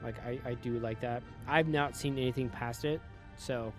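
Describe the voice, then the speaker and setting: A man co-hosting a casual TV review chat, excitable and swearing freely, with music faintly behind. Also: mid-range voice, normal speed. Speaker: podcast co-host.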